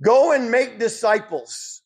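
A man preaching a sermon, rising emphatically when quoting scripture and dropping low for asides. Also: lively intonation, slow, a little mellow, slightly rough.

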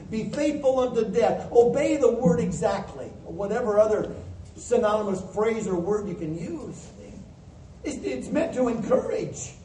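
A man with a high but mellow voice preaches a plain-spoken sermon, working through verses and acting out the voices he quotes. He sounds distant from the mic in a roomy church hall with a faint hiss behind him.

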